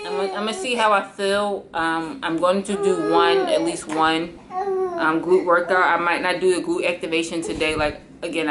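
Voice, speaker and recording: A woman vlogging about her workout in a casual, rambling way, full of ums and likes, sounding tired and low on energy at home. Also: background noise. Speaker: fitness vlogger and mother. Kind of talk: casual chat to camera.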